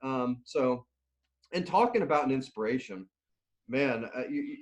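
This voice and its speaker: Animated man telling a story. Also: mid-range voice, moderate pace. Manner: animated, laughing storyteller with many restarts. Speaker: nutrition and strength coach, interview guest. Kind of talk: casual interview storytelling.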